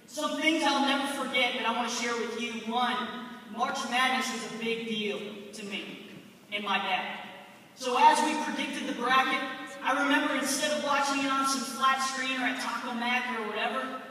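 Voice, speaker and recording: A man's voice: very high-pitched, sharp tone, slight background noise. Young man telling an earnest story in a hall. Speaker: chapel speaker. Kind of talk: personal testimony talk. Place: large chapel hall. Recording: echoey hall from far off.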